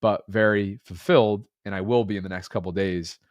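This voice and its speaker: A man's voice: on the low side, fairly even intonation, brisk, no echo, studio quality. A man in his thirties co-hosting a podcast, congested and under the weather, talking in a rambling, earnest, reflective way. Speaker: podcast co-host. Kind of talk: casual chat.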